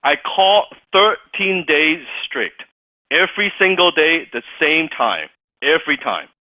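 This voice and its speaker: Animated male storyteller on a tinny line. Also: on the high side, a little slow, dry recording. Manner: animated, laughing, with stammered restarts. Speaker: motivational business speaker. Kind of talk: storytelling talk. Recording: dry, tinny phone-like sound.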